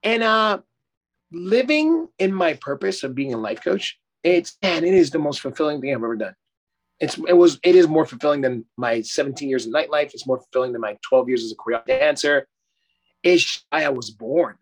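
A man's voice: fairly high pitch, expressive, a little fast. A middle-aged man, a life coach, talking effusively and emphatically in a casual interview, swearing casually.

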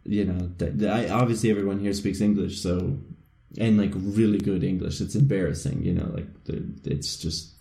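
Low, mellow-voiced male co-host, rambling and self-deprecating, roomy echo. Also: fairly even intonation, moderate pace, gravelly, few pauses. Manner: rambling, self-mocking, laughs often. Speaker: podcast co-host. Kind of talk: casual podcast chat.

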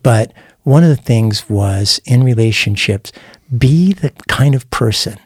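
A man's voice: medium pitch, lively intonation, measured pace, slightly rough, no echo, studio quality. A man hosting a conversational faith podcast, asking a guest questions in an encouraging way. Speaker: podcast host. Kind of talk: casual faith talk interview.

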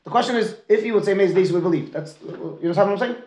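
A man's voice: sits high, rapid-fire, darkish tone, echoey room. A man teaching a Talmud class, mixing Aramaic and Hebrew terms into his English and often checking in with his students by asking "right?". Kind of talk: lecture with student questions.

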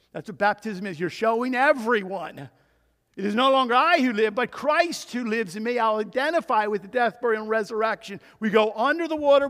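High-voiced emphatic male preacher in a reverberant hall. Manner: emphatic preacher, swings between hushed and loud. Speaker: pastor. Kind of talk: sermon.

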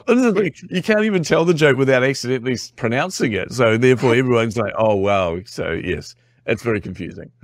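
A man's voice: mid-range voice, fast, no room sound, clean studio sound. A man from New Zealand with a New Zealand accent, a guest telling stories in a casual interview, acting out quotes and laughing often. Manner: animated storyteller, acts out quotes, laughs often.

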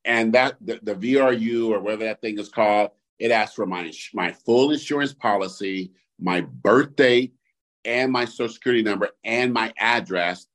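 A man co-hosting a podcast, chatting casually and getting worked up, swearing and jumping to high outbursts when riled. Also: moderate pace, a bit bright. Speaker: podcast co-host. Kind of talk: casual chat.

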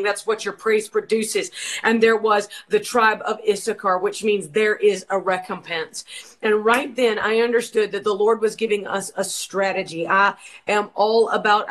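A woman's voice: mid-range voice, low-quality recording. A woman from Georgia tells the story of her ministry with fervent, sermon-like emphasis. Her voice sits in a middle register. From Georgia, USA. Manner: passionate, preacherly emphasis. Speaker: worship leader and ministry co-founder. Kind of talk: fervent testimony in an interview.

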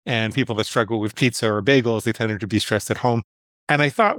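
A man's voice: on the low side, a little fast, a bit bright, no room sound. A man, a psychologist guest, telling a personal story in an interview in a candid, self-deprecating way, acting out the voices in his head.

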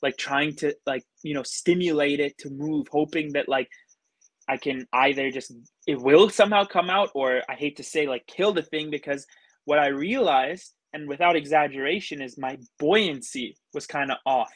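A man's voice: fairly high pitch, moderate pace, no echo. A man telling a story as a podcast guest in a casual way, rambling and full of fillers. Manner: rambling, filler-heavy with many likes.

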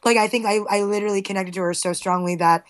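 A woman's voice: mid-range voice, quick pace. Candid woman from Queens, guest. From Queens, New York. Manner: candid, animated storytelling with many restarts. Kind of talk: casual chat.

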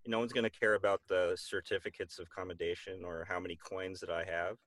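A man's voice: deep voice, level tone, fairly quick, a bit bright, no echo. A man as a guest on an interview show, speaking thoughtfully with many fillers and restarts. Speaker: guest, military veteran. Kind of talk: casual conversational interview.

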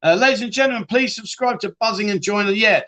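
A man's voice: sits high, fast talker, fairly bright tone. A man hosting a casual live-stream chat show, reading out viewer comments and answering them bluntly, swearing freely and restarting his sentences often.

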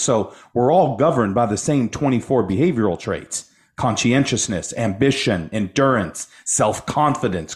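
A man's voice: mid-range voice, a little mellow. A man speaking as a guest life coach on a podcast, emphatic and preacher-like, repeating phrases for effect. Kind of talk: inspirational podcast talk.

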